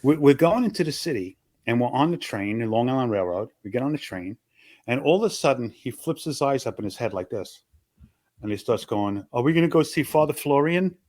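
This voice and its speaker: An older man, a guest comedian telling animated stories in a casual chat and acting out the voices of the people in them. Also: mid-range voice, fairly quick. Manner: animated anecdotes, acts out voices. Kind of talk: casual storytelling.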